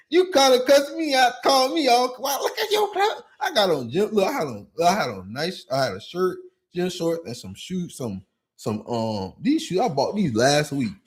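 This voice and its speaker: A man hosting a podcast and talking casually as a youth coach. He vents in an animated way and keeps asking "you know what I'm saying.". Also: sits high, moderate pace. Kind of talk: casual monologue.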